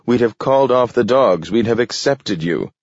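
A man's voice: medium pitch, animated, moderate pace, no room sound, voice pushed up. A man reading an audiobook, voicing a tense human leader who speaks in a clipped, grim and increasingly heated way. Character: sharp, tense older human leader Webster. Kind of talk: audiobook character voice. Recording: dull, dry studio read.

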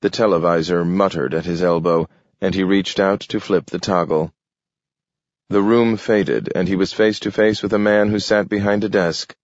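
A man narrating a science fiction story in a measured, even way. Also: sits low, dry recording. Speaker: audiobook narrator. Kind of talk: scripted narration. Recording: dull lo-fi dry recording.

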